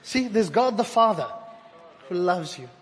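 A man preaching a sermon to his congregation, swinging from loud emphatic repetition to hushed, intimate phrases. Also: high-pitched, animated, measured pace, noisy background. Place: church hall. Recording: long hall reverb.

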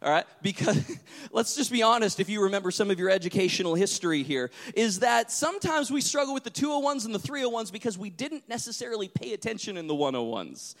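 A man with a fairly high voice preaches to his congregation, switching between a story and his teaching. He acts out the voices of the people in his story. A long hall reverb trails every line. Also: sing-song, fast talker, a bit bright. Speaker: pastor. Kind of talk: sermon with storytelling.

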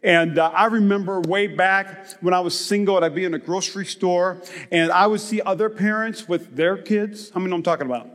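A man in his thirties preaching a sermon as pastor, animated and joking, rising to shouts for emphasis. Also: sits high, a little fast. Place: church hall. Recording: reverberant hall.

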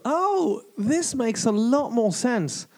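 Bubbly, lively-voiced male podcast host. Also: very high-pitched, a little hiss or hum. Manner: bubbly, giggly, quick to tease. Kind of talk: comedy podcast improv.

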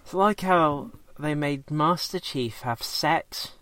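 A man's voice: a little high, slow, a bit bright, no echo. A man chatting casually as a co-host, rambling and hesitant with many fillers and restarts. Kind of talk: casual chat.

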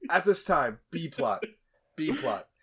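A man's voice: on the high side, sing-song, slow pace, bright, forceful tone, slightly rough. A man hosting a podcast, retelling a movie plot in a casual, joking way with plenty of asides and restarts. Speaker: podcast host. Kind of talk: casual comedic movie recap.

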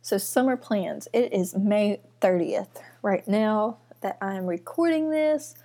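Mellow-voiced young woman, chatty and nervous. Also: mid-range voice, slow pace. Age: young adult. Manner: chatty and rambling, many fillers, nervous and excited. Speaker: podcast host. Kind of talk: casual solo podcast chat. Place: student apartment. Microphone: computer mic.

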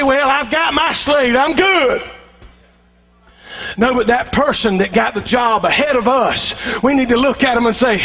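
A man preaching a sermon as pastor, calling on the congregation to answer back and building up to shouted passages. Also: very high voice, unhurried, highs cut off. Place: church sanctuary.

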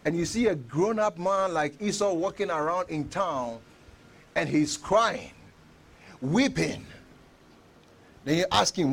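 A man preaching a sermon with emphatic delivery, repeating phrases and bursting into shouts. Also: a little high, expressive, slow pace, creaky, long pauses.

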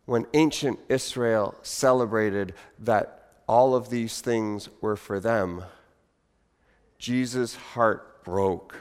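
A man preaching a sermon, animated, acting out voices of the crowd with big swings in loudness. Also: fairly low pitch, takes it slowly, smooth. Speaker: pastor. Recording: hall reverb.

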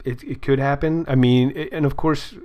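A middle-aged man hosting a casual political talk show, rambling and halting with many fillers and restarts, his throat dry. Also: medium pitch, fairly even intonation, mellow, clean tone, no room sound. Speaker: podcast host.

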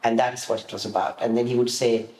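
A man's voice: medium pitch, fast. A man remembers his working years in an interview, slipping into other people's voices as he tells his stories. His voice sits in the middle of the male range. The room gives it a noticeable echo, and there is a faint hiss of room noise behind him. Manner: animated storyteller, acts out quoted voices. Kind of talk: reminiscing in an interview.

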